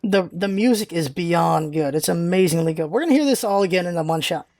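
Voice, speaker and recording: High, gravelly-voiced man chatting casually. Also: animated, brisk, a little mellow. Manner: rambling, loose, with many fillers and restarts. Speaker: vlog host. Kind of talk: casual chat.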